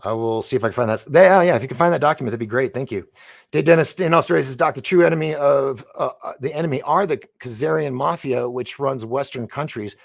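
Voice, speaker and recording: Gravelly man reading news on a live stream. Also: mid-range voice, no echo. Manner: reads news aloud haltingly, stumbles on names, chats with viewers. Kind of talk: casual live-stream commentary.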